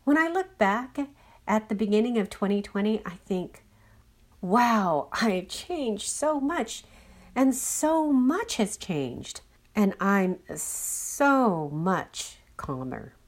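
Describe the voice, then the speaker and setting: A reflective woman recounts how she has grown, as a female narrator reads her part. She speaks slowly and earnestly, in a plain everyday voice. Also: mid-range voice, sing-song. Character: woman recalling calm personal growth.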